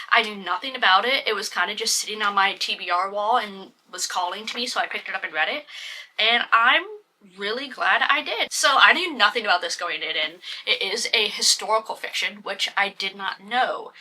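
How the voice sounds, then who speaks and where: A woman's voice: medium pitch, sharp tone, slight background noise. A young woman reviewing a book casually, exasperated and swearing, with lots of "like".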